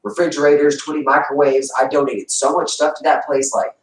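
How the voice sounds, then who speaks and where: A man on a livestream telling a long, profane story fast and acting out what people said. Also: on the high side, level tone. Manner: fast, profane storytelling, acts out quotes loudly. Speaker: livestream host. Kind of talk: casual chat. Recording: echoey room, far from the mic.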